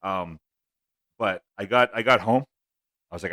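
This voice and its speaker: A young man hosts a laid-back sports podcast in a deep, low voice. He rambles through his stories and swears freely. The sound is close and dry. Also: a little slow, pushed and bright, no room sound. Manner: loose, profane, rambling storytelling. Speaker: podcast host. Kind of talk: casual podcast chat.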